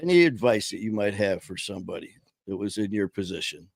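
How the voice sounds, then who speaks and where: A man's voice: on the low side, lively intonation, a little fast, vocal fry, no room sound. A man hosting a casual live stream interview, talking in long runs full of fillers and restarts. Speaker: host. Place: home studio on a live stream call.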